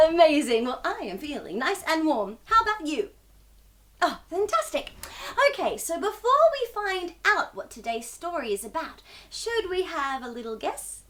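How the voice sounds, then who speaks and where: A woman's voice: high-pitched, very animated, normal speed, fairly bright tone. A young woman hosting a children's storytime, bubbly and sing-song, talking to young viewers as if they answer back.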